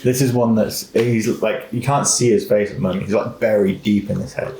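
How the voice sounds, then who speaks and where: A man's voice: fairly low pitch, fairly quick, vocal fry. A man narrating a tabletop game as dungeon master, describing scenes in a loose, casual way. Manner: relaxed descriptive narration with fillers like "like". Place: rented lodge room. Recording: echoey room with faint noise.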